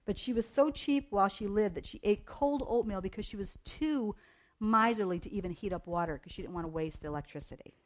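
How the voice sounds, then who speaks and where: A woman's voice: medium pitch, fairly quick, darkish tone. A middle-aged woman giving a casual devotional talk to young people, chatty and rambling through personal stories. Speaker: youth devotional speaker.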